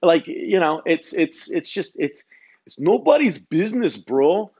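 A man's voice: on the high side, sing-song, unhurried, darkish tone, breathy edge, muffled recording. A man hosting a solo podcast, rambling through a laid-back, profane monologue full of stammered restarts. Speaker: podcast host.

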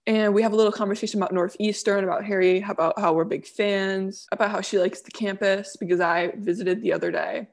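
A young woman co-hosting a casual chat, telling a story with lively acted-out quotes. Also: medium pitch, fast talker, vocal fry, hardly any pauses. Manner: animated, acts out quoted voices. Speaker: podcast co-host.

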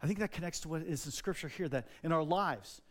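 Male pastor from New Jersey, fairly high voice, sermon told as earnest personal story. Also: fast talker.

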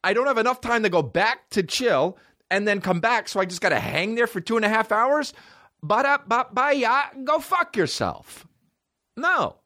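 A male comedian and podcast host telling a profane, animated personal story in casual chat. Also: sits high, a little fast, no echo, clean studio sound.

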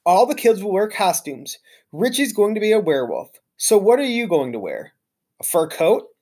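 A man's voice: high voice, very animated, moderate pace, darkish tone, slightly rough, pitched above the performer's own voice, heavily acted. A man doing a chatty, cheery school custodian. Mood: cheerful. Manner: chatty, teasing.

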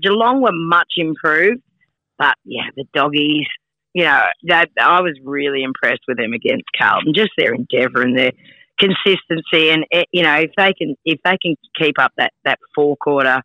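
A man's voice: fairly high pitch, moderate pace, bright, forceful tone, no echo, dull audio. A man from Victoria with a broad Australian accent, a jokey, rambling football pundit in casual sports chat.

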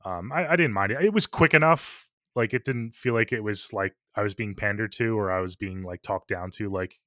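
A male podcast co-host chats about a film with casual enthusiasm, peppering his speech with swear words and fillers. He talks briskly in a lowish, slightly bright voice, recorded at studio quality without echo.

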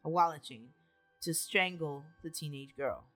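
Low-voiced woman recounting a true crime. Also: moderate pace, a bit bright, soft background music. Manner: matter-of-fact narration with asides. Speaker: podcast co-host telling the case.

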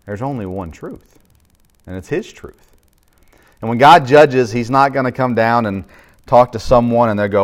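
A man's voice: medium pitch, expressive, moderate pace. A middle-aged man, a pastor, preaching a sermon in a conversational way, with frequent fillers and restarts.

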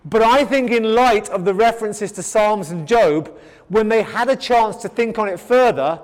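Male Bible teacher, sermon delivery, high voice, emphatic repetition, stammered restarts; hall reverb. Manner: emphatic, repetitive rhetorical build-ups.

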